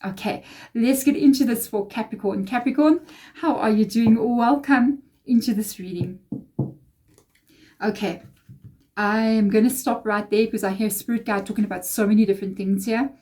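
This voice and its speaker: A woman with a mellow, warm tone talks through a tarot reading in a loose, rambling way. She confides in her viewers and drifts into emotional personal asides. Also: on the high side, normal speed. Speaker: tarot reader. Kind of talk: casual tarot reading monologue.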